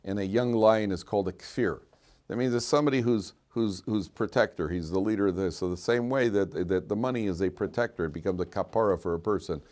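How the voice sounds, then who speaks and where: A man's voice: on the low side, brisk, a little mellow. A man teaching a class as a rabbi, repeating his key lines for emphasis and telling stories. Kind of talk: classroom lecture. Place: classroom with students.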